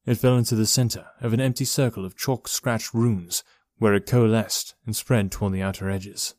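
Low-voiced man narrating a horror story. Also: darkish tone, no echo. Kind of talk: scripted horror audiobook narration.

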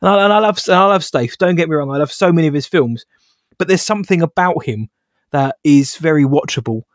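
A man co-hosting a casual film review podcast, animated and sarcastic, laughing as he talks. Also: fairly high pitch, brisk, no room sound, clean studio sound.

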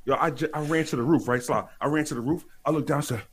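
Animated, profane storyteller man. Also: on the high side, quick pace, slightly rough. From the Bronx, New York. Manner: animated, profane, repeats phrases. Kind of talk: casual chat, storytelling.

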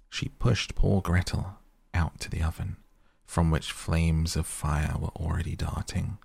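A man reading a fairy tale aloud in a soft bedtime storytelling voice, at times half-whispered. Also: fairly even intonation, measured pace, dry recording. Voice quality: gravelly, breathy low voice. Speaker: sleep podcast reader. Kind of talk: softly spoken bedtime storytelling.

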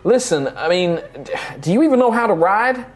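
A man's voice: high voice, expressive, a little fast, pitched above the performer's own voice. A man doing a wary young half-elf stable hand.

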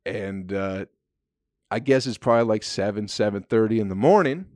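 A man's voice: fairly low pitch, normal speed, a little mellow, no echo, clean studio sound. A young man casually telling a story, laid-back, swearing freely and laughing often.

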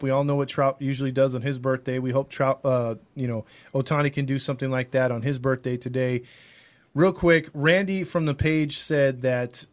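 Chatty man talking baseball. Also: medium pitch. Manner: enthusiastic, opinionated, quick with jokes. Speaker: sports podcast co-host. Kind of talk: casual baseball chat.

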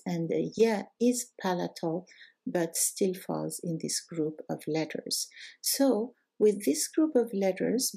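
A woman teaching a lesson at a slow, unhurried pace, her voice low, mellow and gravelly. She explains each point patiently and stretches out the example words. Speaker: Arabic teacher. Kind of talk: recorded language lesson.

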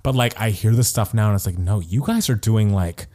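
A man's voice: fairly low pitch, brisk, dark tone. A man co-hosting a podcast in casual chat, gushing with enthusiasm, laughing often and filling his talk with "like". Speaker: podcast co-host.

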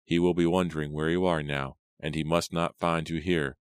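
A man's voice: extremely low pitch, flat delivery, moderate pace, smooth, no echo, studio quality. Man reading as an earnest young man in love.

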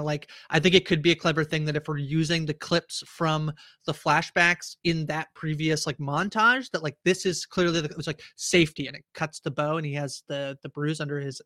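Bright, halting man on a podcast. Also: on the high side, dry recording, studio quality. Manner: halting, restarts often. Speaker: podcast co-host. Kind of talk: casual recap chat.

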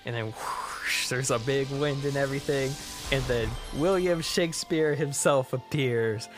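A podcast co-host in casual brainstorming chat, easygoing and quick to laugh, reading out a sketch outline. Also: mid-range voice, music in the background.

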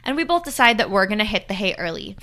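A woman's voice: mid-range voice, expressive, quick pace, sharp tone. A young woman podcast host telling a college story in a chatty, casual way, full of "like" and "you know".

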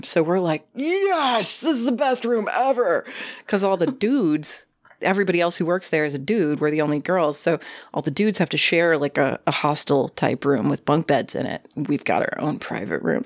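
Low-voiced woman telling a spooky story. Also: no echo, studio quality. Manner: animated, acts out creaks and quoted voices. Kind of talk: casual spoken ghost story.

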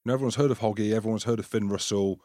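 A man's voice: fairly low pitch, fairly even intonation, rapid-fire, a little mellow, no echo, studio quality. A man co-hosting a rugby podcast, talking casually with a light Scottish accent and plenty of fillers. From Scotland. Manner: chatty, rambling, lots of fillers. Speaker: podcast co-host. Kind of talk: casual chat.

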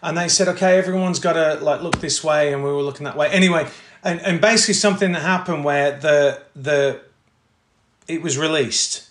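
A man, an actor telling anecdotes in a casual interview, animated and full of fillers, acting out quotes. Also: fairly high pitch, fairly quick, background noise. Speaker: actor guest. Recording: echoey room.

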